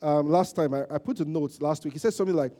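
A lay preacher delivers a fast, conversational sermon, speaking to the congregation as though chatting, in a somewhat high but mellow, warm voice. He's animated and informal, sprinkling in "you know" and "okay?" checks, swelling loud for emphasis and then trailing off low.

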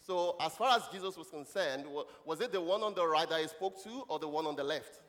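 A man's voice: a little high, a little fast, fairly bright tone. A man preaching a children's sermon, leading the congregation in call-and-response and quizzing them with questions and laughs. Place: church hall. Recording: long hall reverb.

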